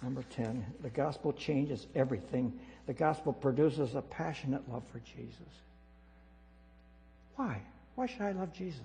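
Gravelly-voiced preacher in a reverberant hall. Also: male voice, medium pitch, animated, moderate pace. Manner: emphatic, repeats words, swings between loud and quiet. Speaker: pastor. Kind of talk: sermon. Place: church sanctuary. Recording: reverberant hall with mains hum.

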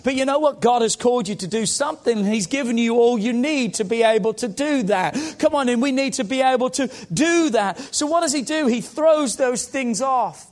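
A man's voice: very high voice, normal speed, few pauses. A man preaching an impassioned sermon as pastor, rising and falling with call-outs to the congregation.

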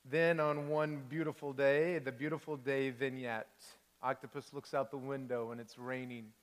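A man, a pastor, reading a children's storybook aloud in a sermon with expressive, animated delivery. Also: mid-range voice, moderate pace, big-room sound.

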